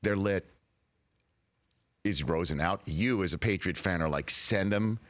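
A man's voice: sits low, unhurried, a bit bright. A man hosting a sports talk show, delivering a playful, mock-dramatic monologue.

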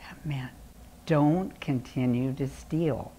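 An older woman telling a children's story in an expressive, animated way. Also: low voice, takes it slowly, a little hiss or hum.

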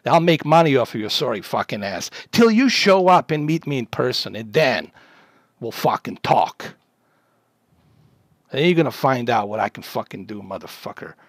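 A man's voice: medium pitch, sing-song, normal speed, dry recording, studio quality. A man from Bosnia, a livestreamer, delivering an aggressive, profane rant at a chat troll.

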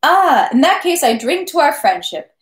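A woman's voice: a little high, animated, normal speed, darkish tone, roomy sound, close to an everyday voice. A woman reading aloud and voicing a merry, boastful male French army captain who talks in an effusive, insistent way. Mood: expansive.

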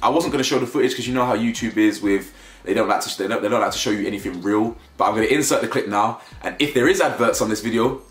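A man giving casual opinion commentary, animated and rambling, often restarting and repeating himself. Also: on the low side, fast, echoey room. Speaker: commentary YouTuber.

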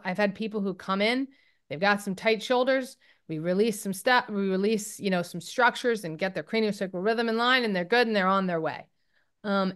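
A woman's voice: medium pitch, smooth. A woman occupational therapist explaining her work in a casual interview, thoughtful with many fillers and restarts.

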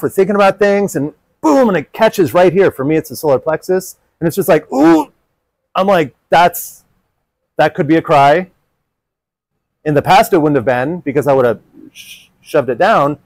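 A man presenting a dating workshop, answering audience questions in an earnest, animated way and acting out inner dialogue. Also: a little high, no echo. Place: workshop room.

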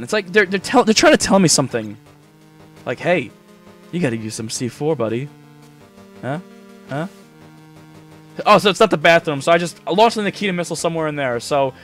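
Brief: lively, high-ish young guy narrating his gameplay, cursing, game music underneath. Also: brisk. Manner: excitable, cursing, talking to himself. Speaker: let's play gamer. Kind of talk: let's play commentary.

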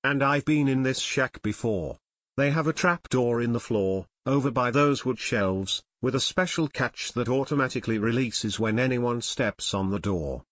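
A man's voice: mid-range voice, normal speed, a bit bright, dry recording, clean studio sound, close to an everyday voice. A man voicing a nervous adult pilot who confesses and pleads, in an audiobook reading. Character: nervous male pilot, adult, frightened accomplice.

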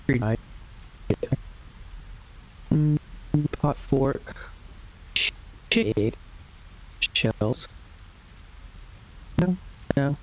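A young man talks slowly and casually as he streams a game. His voice sits at an ordinary mid pitch. He mutters half-finished thoughts to himself as he sorts through things. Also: expressive. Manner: muttering to himself while browsing. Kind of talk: casual live-stream commentary.

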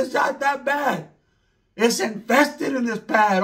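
A man's voice: very high voice, unhurried, a bit bright. A man doing a rambling, slangy comedy monologue, mixing in Spanish words.

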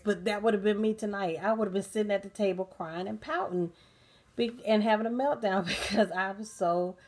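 A sleepy woman hosting a relaxed bedtime chat, talking casually with lots of fillers and laughs. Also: mid-range voice. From United States. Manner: relaxed, chatty, laughing often, many fillers. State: sleepy and tired. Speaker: host of a bedtime talk channel. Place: dim bedroom at night, soundscapes playing.

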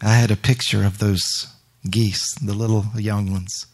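A man's voice: lowish voice, little pitch movement, a little slow, darkish tone. A male minister giving a spontaneous, reflective sermon during worship and quoting scripture.

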